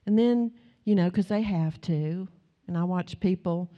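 A woman's voice: fairly low pitch, a little slow. A woman preaching a sermon in a conversational, storytelling way, acting out the people in her stories. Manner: conversational, folksy, animated in quoted retellings. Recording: dull lo-fi sound.

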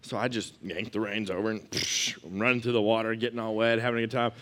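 Pitched on the low side and fairly quick, a young pastor delivers a relaxed sermon built around stories. His storytelling is animated and conversational, moving from a humorous anecdote into urging his listeners on.

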